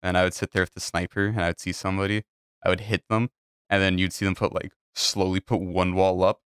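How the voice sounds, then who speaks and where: A man's voice: low-pitched, flat delivery, fast talker, a bit bright, clear, resonant tone, dry recording, clean studio sound. A man hosting a casual podcast chat with friends, rambling and swearing freely. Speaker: podcast host.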